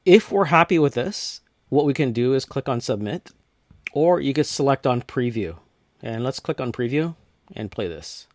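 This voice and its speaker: A man from North America casually walking through a software tutorial step by step, with frequent restarts. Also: mid-range voice, expressive, normal speed, dry recording. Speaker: tutorial host. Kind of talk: screen-recorded software tutorial.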